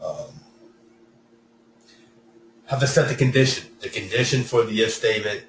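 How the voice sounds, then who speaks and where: A man walks students through their code in a live online lesson, thinking aloud and restarting his sentences as he goes. His voice sits at a middling pitch and sounds distant from the mic, in an echoey room with a faint hiss behind it. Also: a little slow, creaky, pauses often. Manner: talks through code step by step, self-correcting. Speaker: coding instructor. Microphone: computer mic, sound reported as poor by students.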